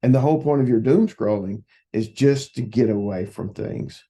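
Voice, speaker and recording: A man's voice: mid-range voice, moderate pace, dark tone, slightly rough. A man who works as a psychotherapist, giving folksy, casual advice and telling stories. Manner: folksy, repetitive, storytelling.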